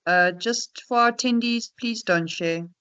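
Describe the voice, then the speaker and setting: A woman moderating a webinar cuts in over a video call, slow and polite. Her voice sounds a bit distant through the call audio. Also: fairly high pitch, fairly bright tone, smooth, highs cut off. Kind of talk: brief interjection.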